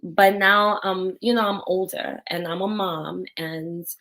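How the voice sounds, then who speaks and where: A woman's voice: on the low side, steady tone, unhurried, a bit bright. A young adult woman talking candidly and tearfully in a personal vlog, swearing now and then. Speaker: vlogger.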